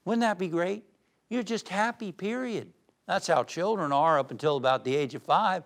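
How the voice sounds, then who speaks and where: A man giving an uplifting sermon as a spiritual teacher, animated and shifting between loud emphasis and soft calm, who tells jokes. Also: high voice, normal speed, gravelly. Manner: tells jokes with acted voices.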